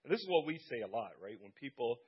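A man's voice: mid-range voice, sing-song, fast talker, breathy edge. A man preaching a sermon. He reads a scripture passage aloud and stops often to explain it in plain, casual speech. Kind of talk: sermon reading scripture with asides. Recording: dull lo-fi sound.

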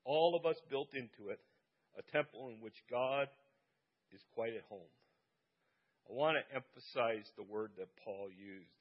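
A man's voice: medium pitch, measured pace, long pauses, husky, muffled recording. A man preaching a Sunday sermon as pastor, speaking earnestly and repeating key phrases for emphasis. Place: church service.

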